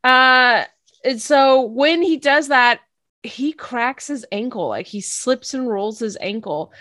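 Young woman host, casual recap chat, animated and giggly, slightly high pitch, dry recording. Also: slow pace, dry recording. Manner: animated, laughs often, says "like" a lot. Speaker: podcast co-host recapping an anime.

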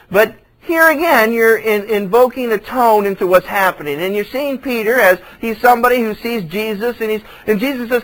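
High-voiced man preaching conversationally. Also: brisk, hardly any pauses, a bit bright, poor audio. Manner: conversational, retells scripture in everyday speech. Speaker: pastor. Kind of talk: verse-by-verse Bible teaching sermon.

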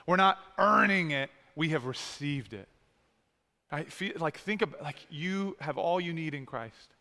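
A male preacher with a high, bright voice delivers an earnest sermon. He pleads with his listeners and presses them with direct questions. His voice rings out through a reverberant church hall. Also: animated, unhurried, vocal fry.

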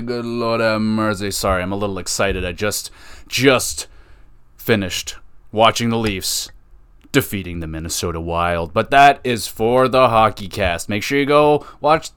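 A man hosting a podcast, reviewing wrestling shows in an excitable, casual way, laughing and swearing freely. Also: fairly low pitch, moderate pace, clean tone. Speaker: podcast host.

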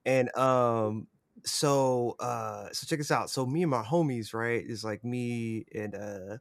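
A man's voice: mid-range voice, slow, creaky, dry recording. Young man, podcast guest, rambling casual story, close dry sound. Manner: rambling, heavy swearing and fillers.

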